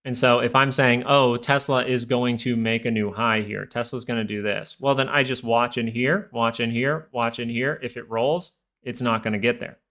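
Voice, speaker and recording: A man's voice: medium pitch, fairly even intonation, normal speed, few pauses, a bit bright. A young man hosting a live stock market stream, rambling through casual chart commentary full of fillers and goofy asides.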